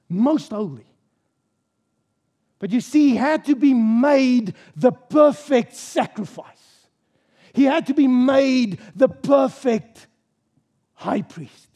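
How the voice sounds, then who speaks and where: At a church service, a pastor with a high voice and a mellow, darker tone preaches a sermon. He hammers his points home emphatically, quizzing the congregation and repeating key phrases.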